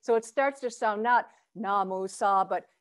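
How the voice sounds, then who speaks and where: Relaxed woman Zen teacher guiding voice work. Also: unhurried. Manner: demonstrates chants and low vowel sounds from the belly; relaxed and encouraging, with light laughs. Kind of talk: voice and chanting workshop.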